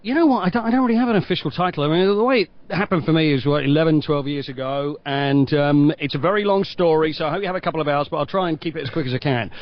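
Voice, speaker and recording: A middle-aged man with an English accent, a stadium announcer telling long, animated anecdotes as a podcast guest. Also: fairly high pitch, fast, few pauses, no echo. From England. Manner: lively storyteller, acts out quoted voices. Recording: dull lo-fi podcast audio.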